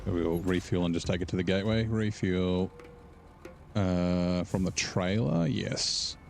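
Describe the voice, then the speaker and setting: A man's voice: low voice, a little slow, vocal fry, slight background noise. A man casually chatting to his stream while playing a game at home, rambling and thinking aloud. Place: room at home.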